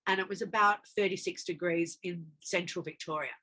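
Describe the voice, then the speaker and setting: A woman with a bright, clear voice talks with a guest's energy in a casual interview. She tells her stories animatedly and slips into the dialogue she is remembering. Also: fairly low pitch, fairly even intonation, brisk. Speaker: actress guest.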